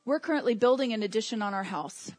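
A woman's voice: on the high side, fast, a little mellow, no echo, faint music behind. A woman preaching a sermon in a conversational way, with humor and asides.

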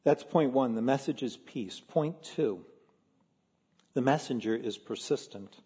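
Husky-voiced man preaching a sermon. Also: mid-range voice, dark tone, long reverb tail. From Philadelphia. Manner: earnest, measured preaching with slow emphatic stresses. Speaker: pastor.

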